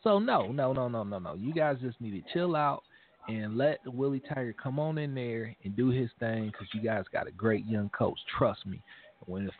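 A man co-hosts a sports podcast in an emphatic, animated way, repeating himself for effect. His middle-pitched voice comes through a narrow, phone-like recording. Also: moderate pace. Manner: animated, talks straight to fans, repeats phrases. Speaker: podcast co-host. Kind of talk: casual sports talk.

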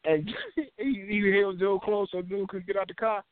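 A man's voice: high voice, normal speed, no echo. A man co-hosting a radio talk show, telling stories in casual, profane chat. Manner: animated storyteller, swears a lot. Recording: phone-like narrow band.

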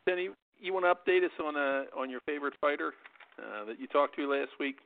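A man's voice: fairly high pitch, expressive, fast talker, vocal fry. A man hosting a talk show, giving brief, encouraging replies to a caller. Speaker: host. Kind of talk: talk radio chat. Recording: tinny phone line with noise.

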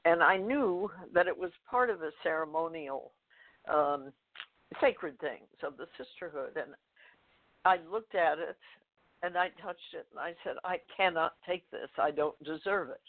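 An older woman, a guest author, telling a personal story in a phone interview, halting, with fillers, restarts and soft laughs. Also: low-pitched, animated. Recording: tinny phone line.

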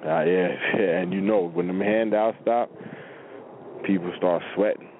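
Laid-back low-voiced male radio host. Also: steady tone, unhurried. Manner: laid-back, filler-heavy talk with frequent laughs. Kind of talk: casual on-air chat with callers. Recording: phone-like narrow radio audio with faint noise.

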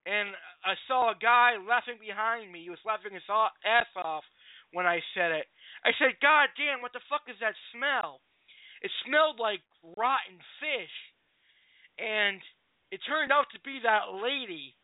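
A man's voice: high voice, unhurried, no echo. A man hosting his own unscripted talk show, telling crude stories and rants full of profanity. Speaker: host. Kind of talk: unscripted solo rant and storytelling. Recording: dry tinny phone-like audio.

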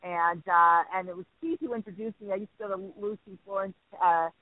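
A man hosting a talk radio show, telling a story with lively acted-out quotes. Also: high voice, a little fast, dry recording. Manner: animated storyteller acting out quotes. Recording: dry tinny phone-like line.

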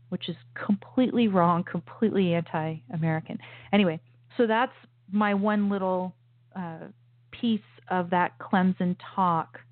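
A woman's voice: lowish voice, no room sound. A woman hosting a political commentary show, talking in an opinionated, emphatic way with frequent restarts and asides. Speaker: host. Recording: tinny phone-like sound, dry.

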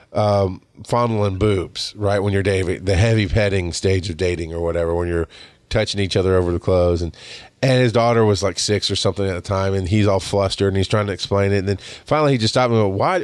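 A man in his forties hosting a podcast, telling stories in a rambling, animated way with lots of restarts. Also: lowish voice, brisk, no room sound. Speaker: podcast host. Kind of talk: casual storytelling monologue.

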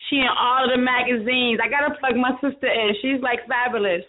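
Effusive female guest author, fairly high voice, tinny phone sound with light hiss. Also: steady tone, fairly quick. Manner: effusive, exclamatory, laughs often. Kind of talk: lively radio interview chat.

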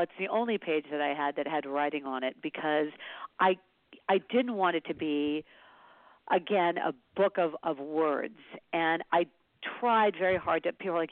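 A woman's voice: on the low side, no room sound. A woman in her fifties, an interview guest, talking casually and effusively, often restarting her sentences and getting emotional. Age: 50s. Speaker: interview guest, photographer's subject and author. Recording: tinny phone-like line, dry.

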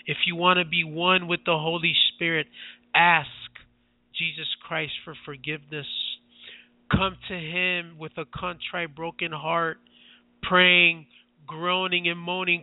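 A man's voice: fairly high pitch, dry recording. A man who is a radio preacher, leading fervent prayer with repetitive, impassioned declarations. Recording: tinny phone-like line.

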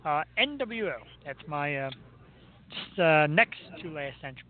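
A man hosting a casual chat about music, goofy and quick to break into silly imitations. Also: on the high side, lively intonation. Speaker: podcast host. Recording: tinny phone-line sound.

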